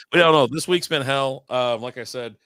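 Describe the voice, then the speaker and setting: Recovering from illness, a man co-hosts a casual beer and sports stream, spinning rambling stories full of swearing and laughing at his own jokes. His voice is medium-pitched, a bit bright, and smooth on a dry recording.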